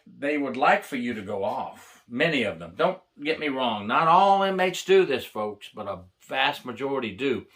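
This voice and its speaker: This older man from the United States once worked as a corrections officer and now casually recounts prison life on camera. His mid-range voice has a fairly bright tone, and his stories come out blunt, wry and plainspoken.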